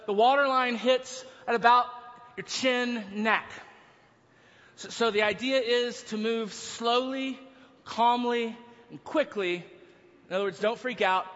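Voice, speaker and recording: High, bright-voiced preacher in a reverberant hall. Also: male voice. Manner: animated storytelling, bursts into yelling. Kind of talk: sermon storytelling. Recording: dull sound, long hall reverb.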